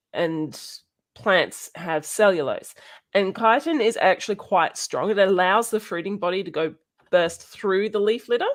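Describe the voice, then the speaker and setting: A woman hosting a casual educational chat, halting often with ums and restarts and laughing now and then. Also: lowish voice. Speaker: podcast host.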